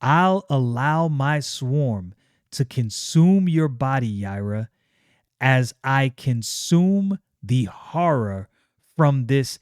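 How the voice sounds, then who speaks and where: A man reading aloud and voicing a cruel, inhuman male sorcerer who gloats in slow, drawn-out, menacing lines. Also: mid-range voice, darkish tone, clear, resonant tone, no room sound, studio quality.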